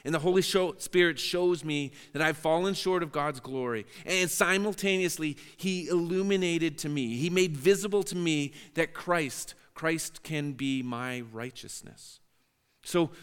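A man's voice: a little high, unhurried, a bit bright, smooth, in a large hall. A man preaching a sermon as pastor, earnest and prone to repeating words as he restarts phrases.

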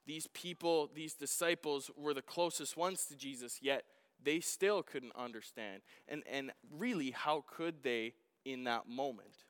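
A man's voice: fairly high pitch, pushed and bright, clean tone. A man delivering a conversational sermon to a congregation, asking them questions and retelling a Bible story. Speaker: pastor. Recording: long hall reverb.

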